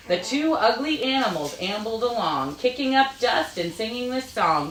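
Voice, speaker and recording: A woman reading a picture book aloud to children in a gentle, expressive storytime manner over a video call, with echo from the room. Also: medium pitch, measured pace, hardly any pauses, distant mic, slight background noise. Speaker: storytime reader. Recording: roomy echo.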